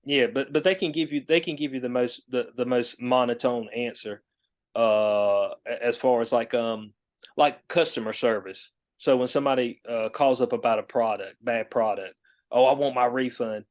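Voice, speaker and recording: A male podcast host talks in a relaxed, slangy way. He acts out rude call-center exchanges with a lifted voice. His pitch sits in the middle range. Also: moderate pace. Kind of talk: casual podcast chat.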